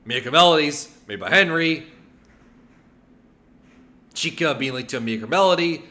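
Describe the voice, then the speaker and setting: Guy rambling thru game lore theories, bright voice, lots of um and rhetorical questions. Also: on the high side, normal speed. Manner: animated, full of rhetorical questions, frequent filler ums. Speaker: video game lore channel host. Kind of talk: casual lore theorizing to camera.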